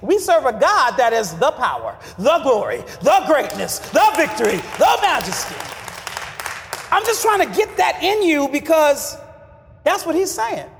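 A male pastor preaching with call-and-response, his voice pitched strikingly high. It carries a gravelly edge and swings widely as he rises to shouted refrains. The sound rings out in a hall with a long reverb. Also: very animated, unhurried, a faint crowd, a little hiss or hum. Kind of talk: sermon.

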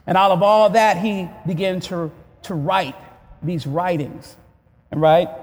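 A man preaching as a pastor, moving from relaxed conversational talk to loud shouted call-and-response preaching with rhetorical questions. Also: sits high, long reverb tail. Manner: asks rhetorical questions to the congregation. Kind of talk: sermon.

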